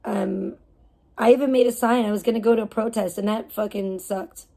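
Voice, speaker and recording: A woman's voice: medium pitch, steady tone, a little fast, creaky, dark tone. A woman live streamer in a casual, heated rant, swearing often and rambling with restarts. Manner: profane, heated ranting.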